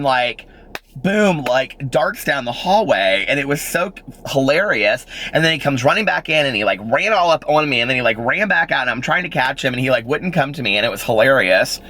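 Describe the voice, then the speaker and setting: A man's voice: medium pitch, fairly bright tone, slight background noise. A man in his forties telling a rambling personal story in a casual vlog, full of fillers and little laughs. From Indiana, United States. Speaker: vlogger.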